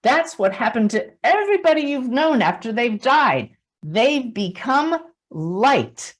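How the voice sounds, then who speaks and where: A woman giving an earnest, storytelling webinar talk as a spiritual speaker, softening to a hush at the close. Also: on the high side, sing-song, unhurried. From United States.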